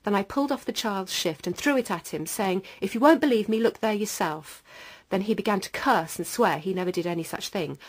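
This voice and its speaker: A woman's voice: mid-range voice, fairly quick, natural voice, low-quality recording. A woman reading aloud, in the first person, a mother's sworn court testimony from an old record.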